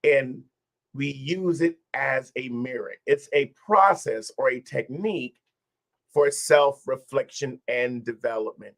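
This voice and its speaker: A man's voice: mid-range voice, unhurried, gravelly, a bit bright. Encouraging man hosting a wellness stream. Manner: encouraging, repetitive phrasing, addresses viewers directly. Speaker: host of a wellness session. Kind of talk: livestream wellness talk.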